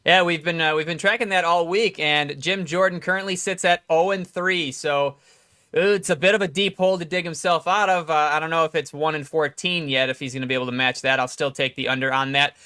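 Male talk radio host, somewhat high voice, upbeat and promotional, live call-in show. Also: fairly even intonation, fairly quick, bright, forceful tone, no echo, studio quality.

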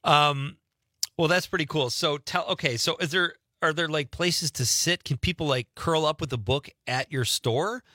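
A man's voice: fairly high pitch, moderate pace, pushed and bright, no echo, clean studio sound. A middle-aged man hosting an interview in a chatty way, laughing easily. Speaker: host. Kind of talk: casual interview chat.

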